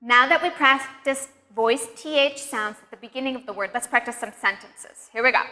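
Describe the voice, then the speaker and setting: Bright high-voiced woman teaching pronunciation. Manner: slow, exaggerated drills with clear encouragement. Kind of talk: pronunciation lesson. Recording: long hall reverb.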